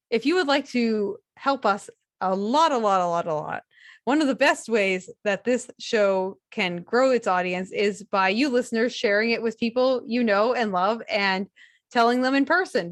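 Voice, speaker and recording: A woman's voice: on the high side, fairly bright tone, no echo, clean studio sound. A woman co-hosting a podcast over a video call, chatting in a playful, rambling way. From Cape Cod, Massachusetts. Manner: chatty, playful, self-interrupting. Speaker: podcast co-host. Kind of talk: casual podcast chat.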